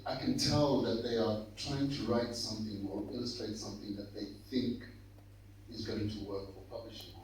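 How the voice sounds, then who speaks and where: A man's voice: on the low side, darkish tone. A man chairing a conference panel, asking questions with hesitant fillers and restarts. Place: conference hall. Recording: echoey hall from far off with faint hum.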